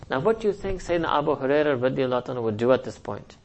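A man's voice: mid-range voice, big pitch swings, fast, low-quality recording. A man preaching a sermon and telling a story, asking the audience rhetorical questions, chuckling often and acting out quoted dialogue. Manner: chuckles often while speaking. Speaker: Islamic teacher.

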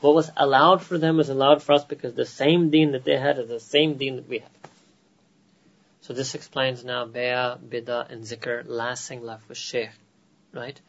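A man with an American accent giving an animated religious lecture to a gathering, often asking "right?" and dropping in Urdu phrases. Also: medium pitch, moderate pace, muffled recording. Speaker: Islamic teacher.

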